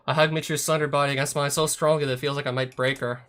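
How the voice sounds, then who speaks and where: A man reading a visual novel aloud as a let's play host, breaking off for sardonic asides with swearing, with soft guitar music behind him. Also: fairly high pitch, little pitch movement, very fast.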